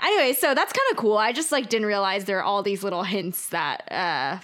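A woman with a bright, forward voice chats through an episode recap on a podcast. Her pitch sits mid-range. She is chatty and easygoing, dropping in fun facts with casual fillers. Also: expressive, brisk. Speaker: podcast co-host.

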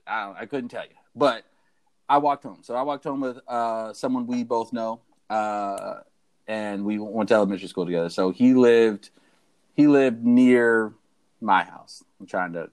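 In a fairly low voice at normal speed, a young podcast co-host recounts a story during relaxed conversation. He brings it to life animatedly, performing the voices of the people involved.

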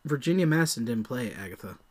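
A man's voice: mid-range voice, animated, quick pace. A man co-hosting a film podcast in a casual review chat, often hesitant, restarting sentences and acting out his reactions.

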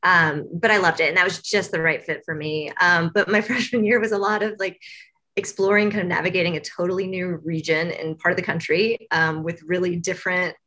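A woman from Tennessee, a guest from university staff, answers interview questions in a chatty, rambling style full of fillers, laughing often. Her voice is fairly low and steady, a little fast, with a sharp tone.

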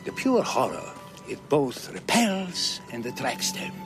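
An older horror film star, grandly theatrical and weary of the world, lingering over each word in a Hungarian accent. His pitch swoops up and down expressively, and a film score plays clearly under him. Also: sing-song. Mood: conspiratorial. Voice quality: slow, heavily accented, theatrical delivery. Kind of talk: film dialogue. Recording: film clip with score music.

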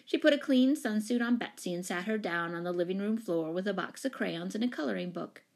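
A woman narrating a children's story in a calm, even reading voice. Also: mid-range voice, brisk, creaky.

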